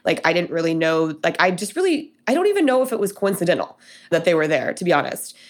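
A woman's voice: lowish voice, sing-song, quick pace. Chatty young woman telling a story. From Denver, USA. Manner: chatty, many fillers and quoted dialogue. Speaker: guest telling her story. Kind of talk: casual storytelling.

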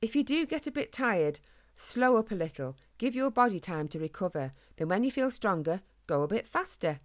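A woman's voice: mid-range voice, sing-song, moderate pace, pitched above the performer's own voice, natural voice. A woman voicing a plump, fatherly male hedgehog who lectures his son, in a storybook reading. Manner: patient, instructive, fatherly.

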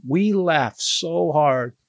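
A man's voice: on the high side, expressive, drawn-out words, no echo. A man co-hosting a podcast, telling stories bluntly and laughing easily. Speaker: podcast co-host. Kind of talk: casual podcast chat.

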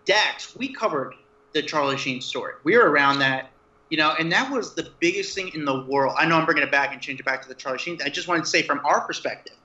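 A man interviewing a guest, a journalist, asking long rambling questions with halting restarts. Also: fairly high pitch, bright, forceful tone. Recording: roomy, dull lo-fi sound.

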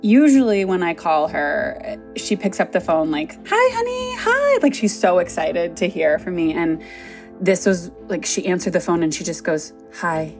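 A woman's voice: lowish voice, moderate pace, a little mellow, faint music behind. A woman journalist telling a personal story as a podcast narrator, candid and conversational with frequent "like" fillers.

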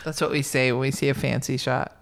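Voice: medium pitch, fast talker, gravelly, slight background noise. A podcast co-host chatting about a film, telling anecdotes and acting out quoted lines. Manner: animated storyteller, acts out quoted lines. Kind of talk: casual film discussion.

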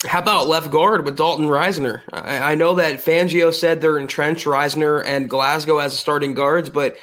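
A man co-hosting a sports podcast as a reporter, giving measured analysis in casual talk. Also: fairly high pitch, fairly even intonation, a bit bright.

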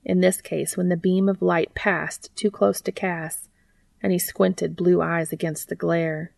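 A woman narrating fan fiction aloud in a steady, measured storytelling manner. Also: on the low side, vocal fry, no echo.

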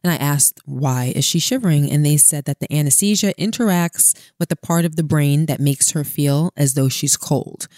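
A middle-aged woman co-hosting a podcast, telling a family story in a casual, animated way and acting out quotes. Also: normal speed, hardly any pauses, dry recording, studio quality. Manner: animated, laughing, acts out quotes in high squeals. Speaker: podcast co-host.

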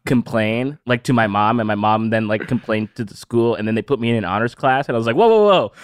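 A man's voice: fairly low pitch, steady tone, fast talker, clear, resonant tone, no room sound, studio quality. A man co-hosting a podcast, telling a story in a loose, swearing way full of fillers. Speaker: podcast co-host. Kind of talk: casual chat.

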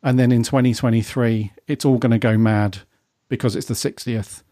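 A man with a mellow, relaxed tone talks through rumours in an easy, rambling podcast chat. His voice is recorded close and dry, with no room sound. He keeps checking in with his co-host. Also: mid-range voice, moderate pace, dry recording. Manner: chatty, rambling, asks his co-host's view. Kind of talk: casual fan podcast chat.

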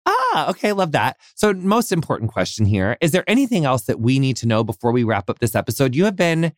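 A man's voice: medium pitch, huge pitch swings, fairly quick, no room sound, clean studio sound. An American man in his thirties hosting a casual interview podcast, effusive and gushing, full of "like" and casual swearing. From United States. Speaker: podcast host.

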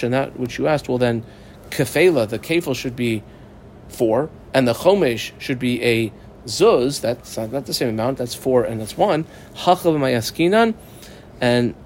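A man's voice: medium pitch, a little mellow, a little hiss or hum. Man teaching a Talmud class. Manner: explains step by step, asking and answering his own questions; reads Aramaic text and translates phrase by phrase. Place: small study group.

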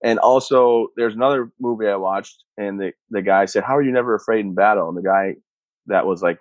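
Low-voiced man telling his story flatly. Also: fairly quick, dry recording. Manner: matter-of-fact, steady. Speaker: interview guest, combat veteran. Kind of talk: personal storytelling. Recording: dull muffled sound, dry.

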